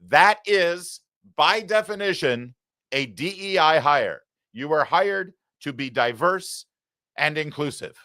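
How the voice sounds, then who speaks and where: A man's voice: fairly high pitch, lively intonation, slow pace, pushed and bright, no echo, clean studio sound. A man hosting a political commentary show, talking in a sarcastic, mocking way. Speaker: show host.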